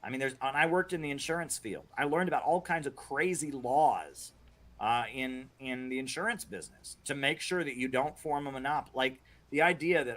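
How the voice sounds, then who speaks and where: A man's voice: mid-range voice, normal speed, fairly bright tone. A man streaming and chatting casually through viewer questions, rambling with many restarts and frequent "right?" and "you know" asides. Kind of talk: casual livestream chat.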